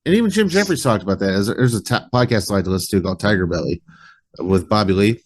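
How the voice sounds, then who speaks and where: A man's voice: on the low side, animated, racing. A man hosting a casual podcast chat, talking in a loose, rambling way full of "like" fillers.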